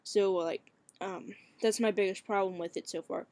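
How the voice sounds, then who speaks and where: A man's voice: sits high, fairly even intonation, moderate pace, gravelly, darkish tone, no echo. A young man in a casual webcam vlog, talking hesitantly with lots of fillers and swearing, his voice cracking and turning shaky.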